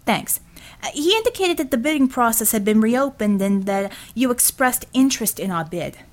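A woman's voice: on the high side, animated, normal speed, close to an everyday voice. A woman voicing a brash, chauvinist middle-aged male builder who talks with folksy swagger in an audiobook. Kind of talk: audiobook character voice.

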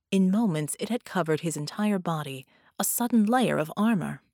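A woman narrating a dramatic superhero audiobook in a measured, storytelling manner. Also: sits low, no room sound, studio quality.

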